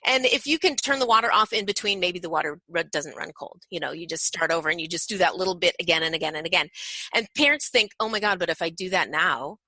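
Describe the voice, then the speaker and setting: A woman's voice: lowish voice, expressive, fast, sharp tone, no room sound, rough recording. A woman parent coach as a guest on a podcast interview, telling stories and acting out playful parent voices.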